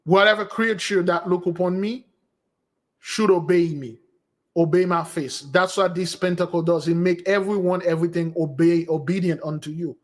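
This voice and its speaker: High-voiced man telling stories in a rambling way. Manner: rambling and animated, restarts mid-sentence; jumps to a higher voice when quoting women. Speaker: spiritual channel host answering viewer questions. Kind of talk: casual storytelling and Q&A stream.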